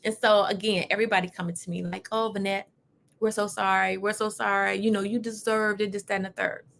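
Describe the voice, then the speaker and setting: A woman hosting a casual talk show, telling a personal story in an animated, emphatic way with lively asides. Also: medium pitch, fairly quick, vocal fry, a little hiss or hum. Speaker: host.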